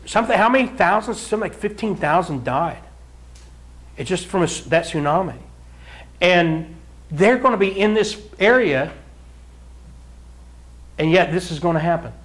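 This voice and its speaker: A man preaching a verse-by-verse Bible sermon, urging his listeners to read along and telling animated stories with frequent chuckles. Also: high voice, normal speed, pauses often. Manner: animated storyteller, acts out scenes and chuckles often; addresses the congregation directly, urging them to read along. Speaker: pastor.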